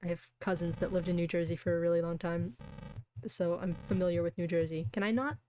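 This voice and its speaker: A woman streamer with a lowish, level voice reads a visual novel aloud at a brisk clip, slipping into chatty, giggly asides between lines. There's a slight hiss or hum, and soft music plays in the background.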